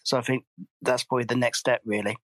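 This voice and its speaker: A man on a phone-in call, his voice monotone and hesitant and his sound dry and close. He talks in a subdued way, with many pauses and fillers. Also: mid-range voice, dry recording, poor audio. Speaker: caller.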